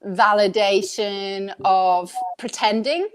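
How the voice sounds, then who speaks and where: A woman's voice: mid-range voice, slow pace, clear, resonant tone. A woman hosting a casual coaching talk, earnest and frank, laughing often and swearing mildly. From Australia. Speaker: host, life coach. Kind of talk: casual conversational podcast chat.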